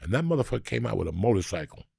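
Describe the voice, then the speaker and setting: In a casual podcast of chat and storytelling, a gravel-voiced man in his 60s rambles profanely, ribbing his co-host one moment and telling long stories the next. His deep, husky, dark-toned voice races along with a sing-song lilt. The sound is close and dry, with no room ambience.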